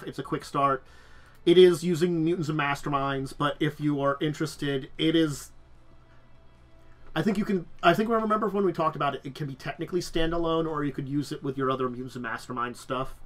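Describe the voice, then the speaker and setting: Male host, casual chat, congested nose, brightish, halting delivery with fillers. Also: fairly high pitch, faint music behind. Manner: halting, many restarts and ums. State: stuffed up nose. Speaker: podcast host. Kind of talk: casual chat about tabletop games.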